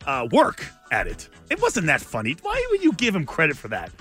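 A man hosting a sports talk show, bantering fast and joking around. His voice sits high and swings widely as he talks. Faint music plays behind him. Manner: animated, joking, quick comebacks. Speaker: radio show host. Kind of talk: casual sports radio banter.

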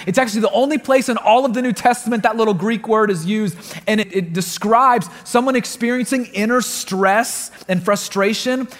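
High-voiced male preacher in a reverberant hall. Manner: lively storytelling, repeats words for emphasis. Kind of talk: sermon. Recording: long reverb of a big hall.

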